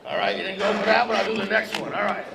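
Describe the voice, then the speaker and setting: He talks fast in a high voice with vocal fry, poking fun at the audience during a brash stand-up set. The stage is in an event hall with a podium and a live crowd, and the audio carries echo and audience noise.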